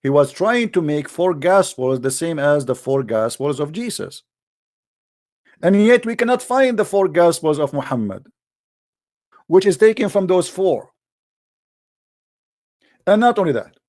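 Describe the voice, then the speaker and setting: Combative, slightly high-voiced male debate host. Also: big pitch swings, measured pace, long pauses, darkish tone. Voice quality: non-native English phrasing. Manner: combative, mocking, repeats himself. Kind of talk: heated religious debate.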